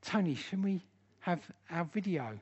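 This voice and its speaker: A man's voice: high-pitched, animated, measured pace, darkish tone, slightly rough, dull audio. A man teaching a church Bible study class, speaking earnestly and with emphasis.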